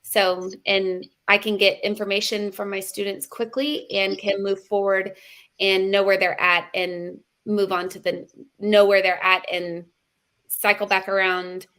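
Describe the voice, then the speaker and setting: A woman's voice: mid-range voice, level tone, measured pace, a bit bright. Encouraging woman, mid-range voice. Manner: affirming, encouraging, explains classroom use. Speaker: teacher guest. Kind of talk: conversational co-host reactions.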